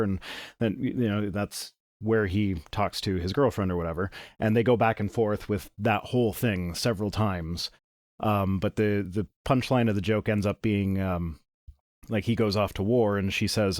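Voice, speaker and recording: Man, host, low pitch, dry close sound, rambling storyteller. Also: fairly even intonation, normal speed, a little mellow, dry recording. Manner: rambling, repeats words while telling a story. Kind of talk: casual chat.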